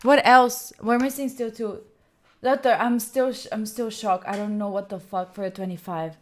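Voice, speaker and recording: A woman's voice: a little high, steady tone, moderate pace. A young woman from Italy hosting a study livestream, emotionally thanking viewers and close to tears. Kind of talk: casual livestream chat.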